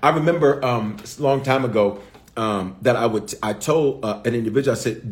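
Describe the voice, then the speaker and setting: A man's voice: mid-range voice, moderate pace, echoey room. A man preaching a sermon as pastor, emphatic, repeating key lines and calling out to his audience. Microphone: streamed online service.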